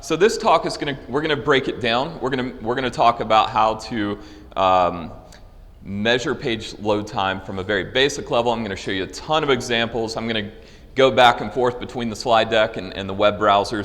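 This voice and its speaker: A man's voice: fairly low pitch, normal speed, a bit bright, long reverb tail. A man giving a technical conference talk with live demos, casual and loose, with frequent fillers and restarts. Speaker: conference speaker. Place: conference hall.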